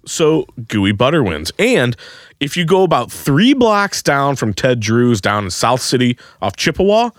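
A man's voice: medium pitch, very animated, unhurried, no echo, studio quality. A man co-hosting a casual sports talk show, reading listener questions and riffing on them playfully.

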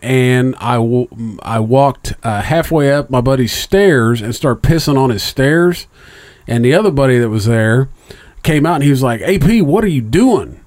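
A man's voice: mid-range voice, normal speed. Profane, rambling middle-aged man telling a story. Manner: profane, rambling, animated when quoting others. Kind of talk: casual storytelling chat.

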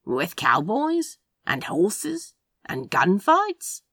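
A woman's voice: fairly low pitch, sing-song, unhurried, gravelly, sharp tone, no room sound, heavily acted. A woman reading a story aloud and voicing a dry, blunt, sardonic man. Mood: dry, skeptical.

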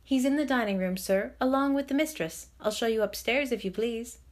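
A woman's voice: fairly high pitch, fairly quick, lightly acted. A woman voicing a polite, deferential young housemaid in an audiobook. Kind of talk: audiobook character reading.

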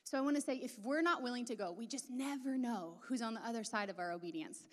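Fast-talking and pitched on the high side, this woman delivers a chatty, casual sermon crammed with asides and filler words, her voice echoing with the long reverb of a big hall.

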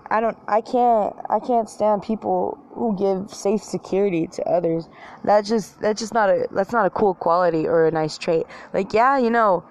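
A woman's voice: medium pitch, moderate pace, a little mellow. A woman ranting casually to her viewers, rambling, swearing often and mocking herself. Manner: rambling, profane, self-mocking, filler-heavy. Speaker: vlogger. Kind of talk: casual rant to camera.

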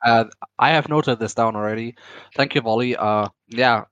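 A man with a German accent hosting a casual online Q&A, speaking haltingly with many restarts and self-corrections. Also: mid-range voice, a bit bright, smooth, no room sound, muffled recording. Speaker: AMA host.

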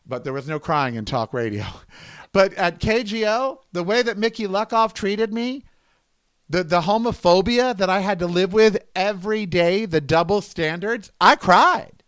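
Man, middle-aged, podcast host, high voice, sassy exasperated rant, dry close sound. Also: a bit bright, smooth, no echo. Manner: sassy, exasperated ranting with rhetorical questions. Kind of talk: solo podcast monologue.

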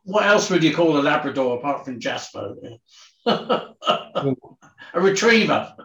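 A man's voice: a little high, very animated, slow pace, gravelly, fairly bright tone. A man chatting as a co-host, laughing along and dropping in short replies. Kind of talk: casual chat. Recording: echoey, dull lo-fi sound.

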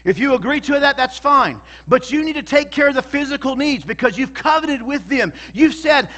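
A man's voice: extremely high pitch, animated, brisk, hardly any pauses, pushed and bright. A male pastor preaching a sermon in a church, emphatic and calling out to the congregation for responses.

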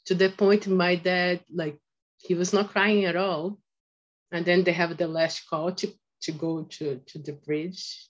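A woman guest telling personal stories in a halting, reflective way, repeating phrases, with non-native grammar. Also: lowish voice, steady tone, muffled recording. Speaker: podcast guest. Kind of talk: emotional personal storytelling.

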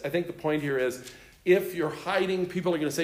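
A man's voice: fairly high pitch, brisk. A man explaining scripture to a group in a conversational way, asking them rhetorical questions. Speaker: Bible teacher. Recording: roomy echo.

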